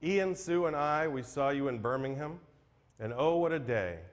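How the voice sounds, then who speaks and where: A man's voice: a little high, animated, moderate pace. A man serving as emcee at a memorial livestream, reading tribute poems aloud with earnest, self-deprecating care, then introducing the next acts. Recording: long hall reverb.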